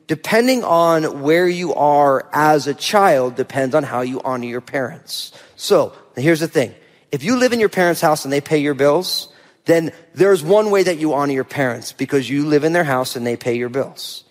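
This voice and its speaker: Middle-aged male pastor, high voice, chatty sermon delivery with rhetorical asides. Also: long reverb tail. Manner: conversational preaching, frequent rhetorical "right?".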